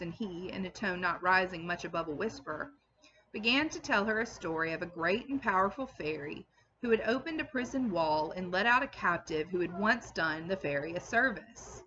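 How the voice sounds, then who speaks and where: Bright-voiced woman teacher reading aloud. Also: fairly low pitch, animated, moderate pace, lo-fi sound, slight background noise. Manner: plain, explanatory, with some ums. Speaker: English teacher. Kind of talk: reading a novel aloud and explaining it to students.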